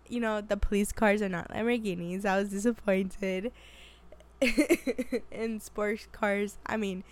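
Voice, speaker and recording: A woman hosting her own show in casual chat, hoarse and raspy from illness, chatty and rambling, laughing often and second-guessing herself. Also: medium pitch. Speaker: podcast host.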